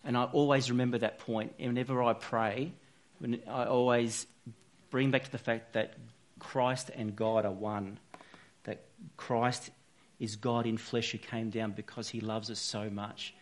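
A man's voice: medium pitch, steady tone, a little slow. Earnest man preaching a casual sermon. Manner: earnest, conversational, with frequent restarts and "you know". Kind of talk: informal sermon.

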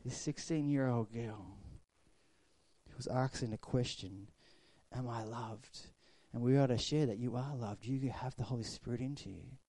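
Male pastor, middle-aged, sermon delivery, warm low-key tone, goes loud then hushed. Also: moderate pace, no room sound. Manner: storytelling preacher, swings from loud to hushed.

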